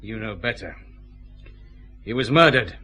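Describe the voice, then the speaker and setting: An actor with a Scottish accent playing a methodical, confident detective chief inspector pressing suspects in a radio drama. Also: male voice, fairly low pitch, lively intonation, measured pace, sharp tone, slightly rough, heavily acted.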